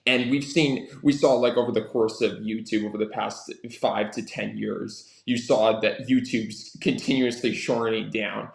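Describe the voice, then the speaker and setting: A young man giving casual business advice as an interview guest, talking quickly with lots of "like" fillers. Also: on the low side, fairly even intonation, creaky, echoey room. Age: young adult. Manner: fast, filler-heavy with frequent "like". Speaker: guest, social media marketing entrepreneur.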